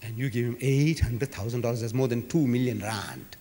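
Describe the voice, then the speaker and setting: A man's voice: mid-range voice, brisk, mellow. Emphatic man in echoey hall. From South Africa. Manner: emphatic, dramatic, repetitive rhetoric. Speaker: public lecturer. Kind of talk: public lecture to a live audience. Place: large civic hall.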